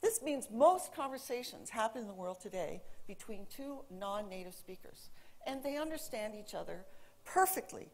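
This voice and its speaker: A woman who speaks English natively, giving a lively, emphatic stage talk and quizzing her audience. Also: medium pitch, moderate pace.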